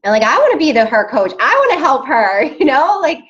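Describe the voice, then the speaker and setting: A woman's voice: high-pitched, sing-song, fairly quick, muffled recording. A woman coaching her team on a call, upbeat and chatty with many fillers.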